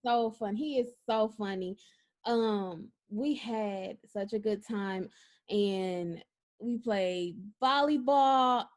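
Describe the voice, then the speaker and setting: A woman co-hosting a casual podcast, telling stories in an animated way and often laughing. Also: medium pitch, slow. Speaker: podcast co-host. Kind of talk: casual chat.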